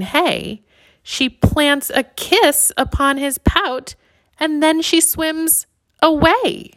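A woman reading a rhyming children's picture book aloud, with a warm, rhythmic delivery. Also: on the high side, dry recording. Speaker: volunteer story reader.

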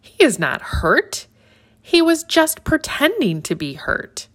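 A woman reading a children's story aloud in an expressive, sing-song way. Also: high-pitched, takes it slowly.

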